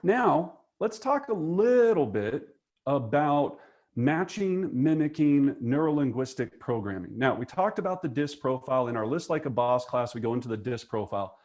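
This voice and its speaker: Male sales trainer, mid-pitch, emphatic and energetic, keeps checking in with the class. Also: normal speed. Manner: emphatic, energetic, frequent "okay?" and "right?" check-ins. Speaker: real estate trainer. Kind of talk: coaching lesson.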